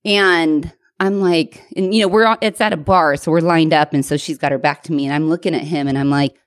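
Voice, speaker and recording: A woman in her thirties co-hosting a podcast tells a bar story in casual chat, animated, with lots of "like" and some swearing. Her voice is deep and brisk, and the recording is dry with studio quality.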